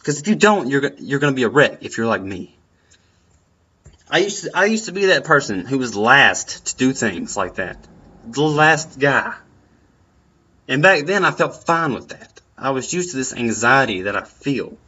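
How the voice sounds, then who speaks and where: A man's voice: mid-range voice, very animated, normal speed, sharp tone, breathy edge. A young man giving earnest, encouraging advice in a personal talk, often repeating his phrases. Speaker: vlogger. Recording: dull lo-fi sound.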